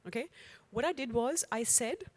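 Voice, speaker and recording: A middle-aged woman from India, giving a career talk to an audience and telling a story in an animated way, often checking in with "okay?". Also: a little high, moderate pace.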